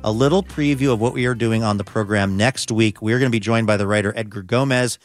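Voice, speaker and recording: A man's voice: fairly low pitch, fast talker, no echo. A man hosting a radio program, reading links in an upbeat, friendly broadcast manner. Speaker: radio show host. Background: music bed.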